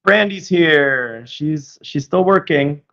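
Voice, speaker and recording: A man's voice: fairly high pitch, expressive, slow, fairly bright tone, lo-fi sound. Easygoing man reading viewer comments. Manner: easygoing, agreeable, reads comments aloud. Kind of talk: casual live-stream chat.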